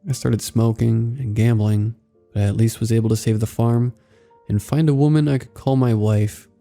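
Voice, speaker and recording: A man reading a first-person horror story in a steady, somber narration. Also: mid-range voice, moderate pace, gravelly, faint music behind.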